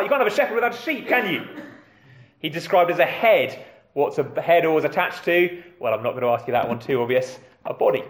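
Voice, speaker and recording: A man preaches a sermon conversationally, using rhetorical questions and putting questions directly to the children. His voice is a little high and reverberant.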